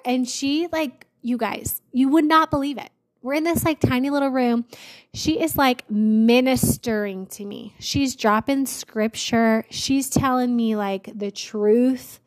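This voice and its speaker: A woman telling a personal story to her viewers in casual chat, talking in a chatty way full of "like" and getting excitable as she goes. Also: measured pace. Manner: chatty, lots of "like", bursts of laughter; excitable, jumps up in pitch when thrilled. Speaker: vlogger.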